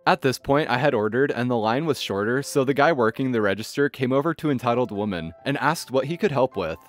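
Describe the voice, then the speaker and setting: A man narrating online stories in an expressive, scripted storytelling manner. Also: mid-range voice, a little fast. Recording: faint background music. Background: faint music.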